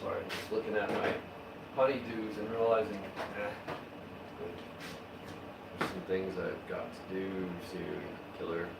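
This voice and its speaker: A man's voice: low voice, level tone, measured pace, creaky, long pauses, echoey room, very noisy. A man live-streaming his home beer brewing, chatting casually, rambling and swearing as he works in his kitchen. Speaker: homebrewing streamer.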